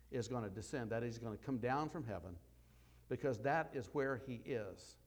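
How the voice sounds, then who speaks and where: A man preaching a sermon, with emphatic loud bursts and quieter asides as he walks through scripture. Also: mid-range voice, moderate pace.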